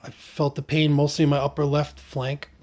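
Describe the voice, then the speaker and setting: A man vlogging about his own surgery in a relaxed, joking way, with many ums and restarts. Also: fairly high pitch, normal speed. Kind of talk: casual first-person storytelling.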